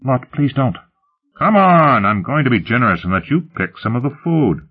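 A man voicing a prim, fastidious alien companion who pleads and scolds in a raised, fussy tone, over a tinny phone-like line. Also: medium pitch, very animated, breathy edge, pitched above the performer's own voice. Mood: pleading. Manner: prissy, pleading.

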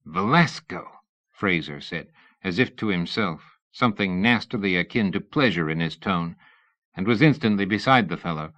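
A man narrating an audiobook in a measured, dramatic storytelling manner. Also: deep voice, animated, a bit bright, no echo. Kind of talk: scripted narration. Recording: dull lo-fi dry studio audio.

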